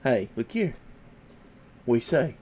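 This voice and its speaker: A man's voice: medium pitch, big pitch swings, slow pace, dark tone, breathy edge. Laid-back male streamer with the sniffles, chatty and coaxing. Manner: easygoing, chatty, coaxing his dog. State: sniffly from allergies. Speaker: livestream host. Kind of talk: casual livestream chat.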